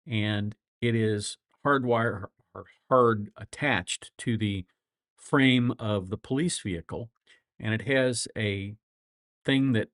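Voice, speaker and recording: A middle-aged man with a flat Midwestern accent, a lawyer hosting a casual livestream, rambling through folksy stories and chuckling often. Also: on the low side, no echo, clean studio sound. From grew up all over the world.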